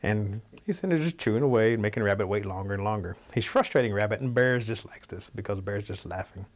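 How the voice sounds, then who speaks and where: A man telling a traditional animal folktale aloud, in a relaxed, animated, conversational way. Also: lowish voice, quick pace. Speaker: storyteller.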